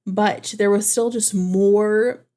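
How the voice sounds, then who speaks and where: A woman's voice: medium pitch, steady tone, slow pace, mellow. A woman vlogging about books in a casual, gushing, enthusiastic way, full of "like" and "oh my gosh". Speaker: book vlogger. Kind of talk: casual chat to camera.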